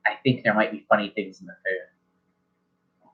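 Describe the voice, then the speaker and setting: A man's voice: lowish voice, fairly even intonation, a little slow, slightly rough, pitched below the performer's own voice. A man voicing a wary young man in a tabletop game, speaking in a hesitant, suspicious way. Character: wary young man poking at his food. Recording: dull lo-fi sound.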